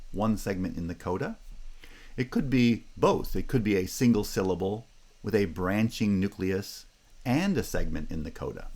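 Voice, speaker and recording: A man giving a university phonetics lecture, pausing with fillers and restarts and checking in with the class with "right?" and "okay?". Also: on the low side, a little mellow.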